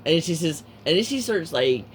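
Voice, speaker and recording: A man with a somewhat high voice tells a rambling story, swearing often and padding it with filler words. His talk wanders through asides and half-finished thoughts, with a faint hum of noise behind him. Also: big pitch swings, normal speed, poor audio. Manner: profane, heavy with fillers. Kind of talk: rambling anecdote.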